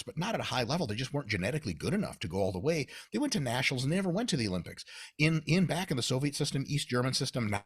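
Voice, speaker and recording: A man from Russia rants on a podcast, swearing freely and swinging his pitch widely as he acts out imagined arguments. His voice is husky and sits close and dry on the mic, with no room sound. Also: no echo. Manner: profane, animated ranting with mock quotes. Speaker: podcast guest, coach. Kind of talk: casual podcast chat.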